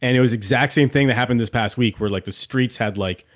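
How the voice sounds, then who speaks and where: A man's voice: mid-range voice, fast. A man co-hosting a podcast in casual chat, laid-back and chiming in with quips. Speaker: podcast co-host.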